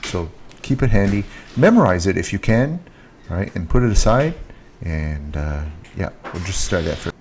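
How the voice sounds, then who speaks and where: A man giving a casual French lesson, speaking slowly, repeating each French word and stressing it, recorded on a handheld mic. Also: low voice, very animated, a little mellow, slight background noise. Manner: slow, repeats French words with rising emphasis. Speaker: French teacher. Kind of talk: casual online language lesson. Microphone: handheld mic with earphone monitor.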